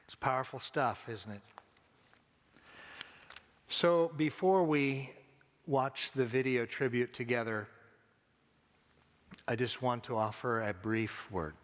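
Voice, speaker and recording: Slow-speaking pastor in a reverberant church. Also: male voice, mid-range voice. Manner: slow, deliberate, repeats key lines. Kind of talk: funeral sermon. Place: church sanctuary.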